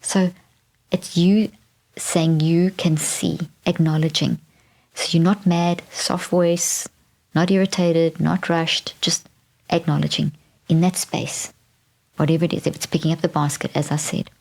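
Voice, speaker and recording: Woman, low-pitched voice, podcast host, conversational teaching talk, slips into soft whispers. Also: little pitch movement, measured pace, vocal fry. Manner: drops to a soft whisper when modeling gentle phrases; conversational, with frequent restarts.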